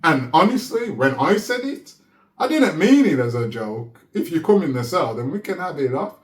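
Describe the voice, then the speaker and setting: Animated man in an echoey room. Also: fairly high pitch, normal speed. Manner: animated, laughs often, keeps checking in with "yeah?". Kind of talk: casual conversational storytelling. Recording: roomy echo.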